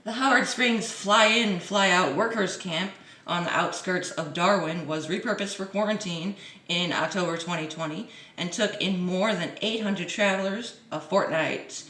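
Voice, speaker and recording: A woman's voice: on the low side, measured pace, bright, forceful tone, recorded from a distance. A woman vlogger reads a news article aloud in a casual way, breaking off often for mocking, playful side remarks. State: dry throat. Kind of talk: casual reading with sarcastic asides. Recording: roomy echo.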